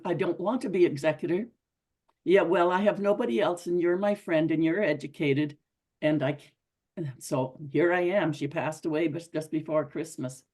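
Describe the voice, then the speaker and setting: A woman's voice: on the low side, darkish tone. A middle-aged woman giving an earnest, conversational motivational talk to a group, often repeating herself for emphasis. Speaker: speaker at a women's club.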